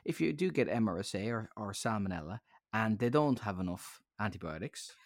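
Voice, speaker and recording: A man's voice: lowish voice, a little fast, no room sound, studio quality. A man hosting a podcast, full of jokey banter. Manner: jokey, animated banter, laughs easily. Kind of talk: casual podcast chat.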